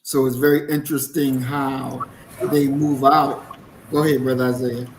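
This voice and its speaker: A man's voice: medium pitch, flat delivery, slight background noise. Host man in an echoey room. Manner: measured, reads viewer comments aloud, poses questions. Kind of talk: online talk show.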